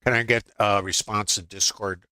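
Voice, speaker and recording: Older man teaching trading, bright dry voice. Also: fairly low pitch, steady tone, moderate pace, clean tone, no room sound, rough recording. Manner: conversational, dry humor, frequent "uh" fillers. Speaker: trading educator. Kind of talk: live trading webinar talk.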